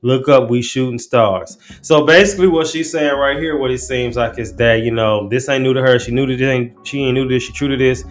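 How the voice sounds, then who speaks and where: Over faint music, a man talks quickly and almost without pausing in a mid-range voice. He hosts an easygoing commentary show dissecting rap lyrics, using slang and restarting sentences often.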